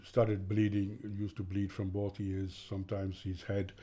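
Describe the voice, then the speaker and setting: A man, a father and carer, speaking in an interview in a halting way and often saying "you know". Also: deep voice, completely flat delivery, dark tone.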